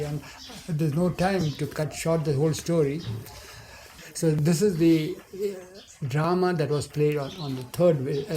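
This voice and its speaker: Older man, meandering storyteller, mellow voice, slightly raised pitch, faint background noise. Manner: meandering, with trailing asides and restarts. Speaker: devotee recounting memories. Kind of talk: rambling spoken reminiscence.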